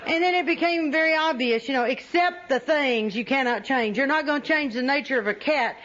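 A woman's voice: high voice, a little fast, a bit bright. A woman speaking at a recovery meeting, telling personal stories with humor and often laughing at herself. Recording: dull lo-fi recording with faint audience.

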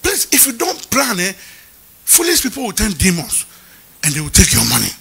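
Bright, husky preacher. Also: male voice, high voice, moderate pace. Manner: lively storytelling preacher who acts out the people he quotes. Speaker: pastor. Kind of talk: preaching a sermon.

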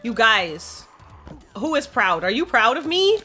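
A woman's voice: a little high, sing-song, unhurried, pushed and bright, soft background music. A young woman playing a video game and commenting casually, bubbly, gushing and self-deprecating. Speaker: gaming streamer. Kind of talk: casual let's-play commentary.

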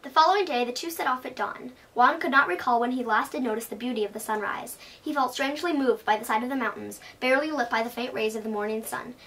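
A woman reading a children's story aloud, expressive and unhurried. Her voice sits a little high. It is heard from some way off the mic. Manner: expressive read-aloud delivery. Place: bookstore reading. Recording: voice from a distance.

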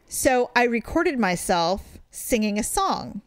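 A middle-aged woman co-hosting a podcast in casual chat, telling stories and acting out her own quotes with a lively voice. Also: fairly high pitch, moderate pace, no echo. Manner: animated storyteller, acts out her own quotes. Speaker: podcast co-host.

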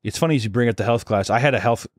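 A man's voice: mid-range voice, very fast, dry recording, studio quality. A man co-hosting a podcast in a loose, profane, casual chat, laughing often. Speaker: podcast co-host.

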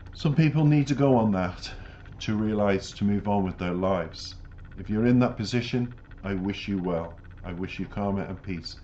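A man's voice: fairly low pitch, a little mellow. A man hosting a music reaction channel, giving reflective commentary and earnest, emphatic life advice. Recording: dull lo-fi audio with faint noise.

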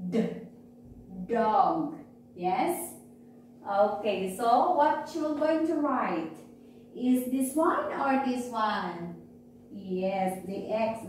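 A woman with a somewhat high voice leads a phonics lesson for small children, speaking very slowly and drawing out each word so they can repeat it. She sits back from the microphone in a strongly echoing room, with faint hiss underneath. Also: distant mic. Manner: slow, drawn-out, repeating words for children to echo. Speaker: kindergarten teacher.

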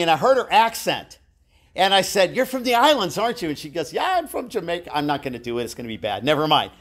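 A man's voice: medium pitch, a bit bright. A middle-aged man teaching a live church Bible class, telling personal stories in a chatty, self-deprecating way with asides to his listeners.

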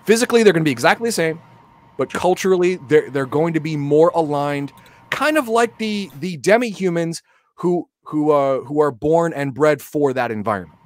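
A man's voice: on the high side, lively intonation, moderate pace. A man, a guest on a casual panel discussion, explaining ideas and repeating small words as he thinks.

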